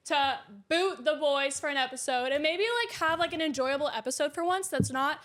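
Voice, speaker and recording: Chatty high-voiced young woman host. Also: brisk, fairly bright tone. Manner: chatty, many fillers. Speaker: podcast host. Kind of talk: casual chat.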